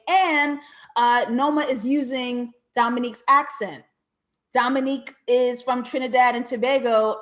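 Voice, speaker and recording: An American woman reviews a TV drama from her home setup, her voice sitting a little high. She moves between thoughtful questions and sudden playful outbursts. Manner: expressive, with sudden playful shrieks and asides; reflective and questioning. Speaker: TV show reviewer. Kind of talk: animated video review commentary.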